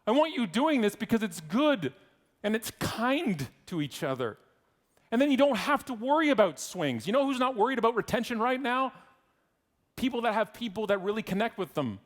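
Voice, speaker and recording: A man's voice: very high-pitched, big pitch swings, moderate pace. Irreverent, joking male keynote speaker. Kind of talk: conference keynote speech.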